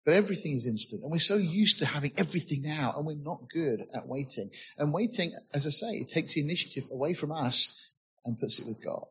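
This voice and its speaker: A man preaches an earnest, expository sermon, often asking his listeners rhetorical questions. His voice sits a touch high and has a husky edge. The recording sounds slightly muffled. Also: lively intonation, fairly quick, sharp tone.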